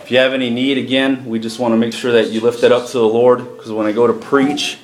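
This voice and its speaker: A man preaching a sermon to a congregation, reading scripture slowly and leading prayer, with pauses for emphasis. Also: medium pitch, little pitch movement. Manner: slows and lifts his voice for emphasis, responsive to the congregation. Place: church sanctuary with congregation. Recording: echoey church room, faint noise.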